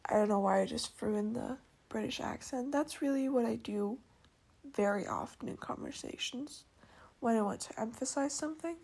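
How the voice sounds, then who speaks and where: Solo podcast host, female, gravelly husky voice, unhurried rambling chat. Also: a little high. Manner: rambling, chatty, many fillers and soft asides. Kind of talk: casual solo podcast monologue.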